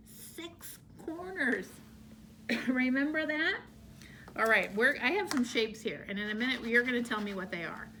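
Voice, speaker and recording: A woman teacher explaining shapes to young children, slow and exaggerated in her delivery. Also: fairly high pitch, sharp tone, slight background noise. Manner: slow, drawn-out, exaggerated for small kids.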